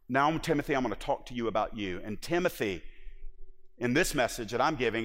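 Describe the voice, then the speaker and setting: A man's voice: fairly high pitch, a bit bright. A man preaching a sermon in an impassioned, emphatic way, often restarting his words. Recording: long reverb of a large hall.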